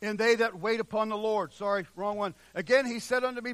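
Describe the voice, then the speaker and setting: A man preaching a sermon with fervor, drawing out the scripture he reads and swinging from shouts to hushed passages. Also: high voice, no echo. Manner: drawn-out emphatic scripture reading.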